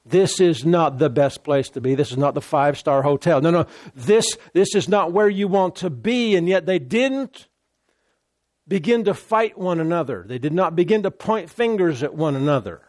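A man's voice: on the high side, expressive, moderate pace, darkish tone, no echo, clean studio sound. A man preaching a sermon who speaks emphatically and keeps repeating key phrases.

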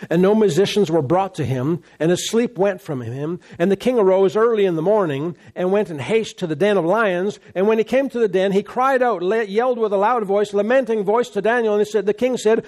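A man's voice: high-pitched, moderate pace, darkish tone. A man preaching a sermon. He reads a scripture story aloud and breaks off into casual asides about it. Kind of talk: sermon, reading scripture and commenting.

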